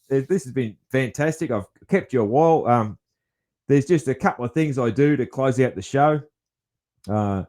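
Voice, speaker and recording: A man hosts a podcast in a casual chat, speaking with a mid-range voice and a darkish tone. He rambles and chuckles, restarting his sentences many times.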